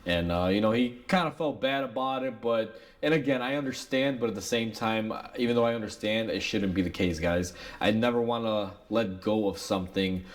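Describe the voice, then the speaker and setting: A man's voice: on the low side, moderate pace, few pauses. A man, an auto mechanic, telling a work story in a casual, rambling way, with lots of fillers and asides to his viewers. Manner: rambling, filler-heavy, addresses viewers as "guys". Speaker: auto mechanic sharing shop stories.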